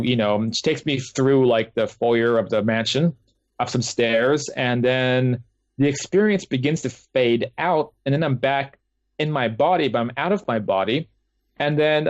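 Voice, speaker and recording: In a relaxed interview, a guest author shares his experiences, often stopping to restart and leaning on fillers as he wanders through his thoughts. His voice sits at a medium pitch with no echo, captured as flat, dry, low-fidelity call audio.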